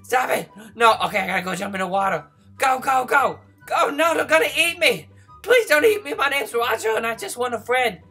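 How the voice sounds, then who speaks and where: A man voicing a lonely, needy baby male dinosaur in a game role-play, whiny and begging for friends, breathy and childlike. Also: very high-pitched, animated, fairly quick, faint music behind, heavily acted. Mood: panicked. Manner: whiny, begging for friends, turning to frantic yelling when chased. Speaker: gaming video host.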